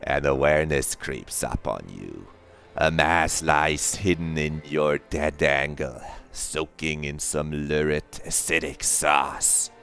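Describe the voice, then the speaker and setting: A man voicing a slow, hushed, brooding primal inner voice as he reads a game's narration aloud. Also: a bass voice, gravelly, soft background music, pitched below the performer's own voice, full character voice. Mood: ominous. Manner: slow, hushed, solemn reading.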